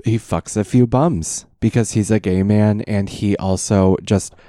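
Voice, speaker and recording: Male co-host, unhurried, mellow tone, crude joking delivery, dry sound. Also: fairly low pitch, fairly even intonation, dry recording. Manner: joking, crude, halting with fillers. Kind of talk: casual chat.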